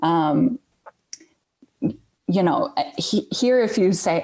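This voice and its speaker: A woman with a low voice and a gravelly fry at the edges of her words. She talks casually as a guest, pausing often with fillers and restarting her phrases. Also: a little mellow. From United States. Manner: hesitant, many fillers and restarts. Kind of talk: casual conversation.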